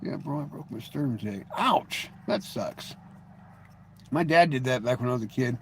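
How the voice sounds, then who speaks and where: Speaking at a moderate pace in a mid-range, animated voice, a middle-aged man chats casually with his live stream viewers over slight background noise. His talk is rambling and jokey, peppered with "you know" and frequent restarts.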